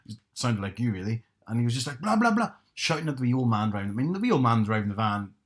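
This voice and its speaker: A man's voice: medium pitch, expressive, quick pace. A man co-hosting a podcast, telling stories with hesitant ums and restarts. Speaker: podcast co-host. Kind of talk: casual chat.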